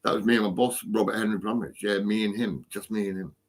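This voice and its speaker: A man's voice: on the low side, steady tone, fast, low-quality recording. A man from England on a live stream from his home, talking in a rambling way with lots of ums and restarts and heavy swearing. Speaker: livestreamer. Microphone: phone.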